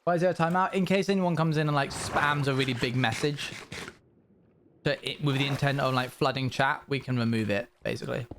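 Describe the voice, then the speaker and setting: A young British man streaming live, chatting casually and answering his viewers' questions in quick, upbeat bursts. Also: mid-range voice, fairly bright tone, a little hiss or hum. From Britain. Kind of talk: casual livestream chat with viewers.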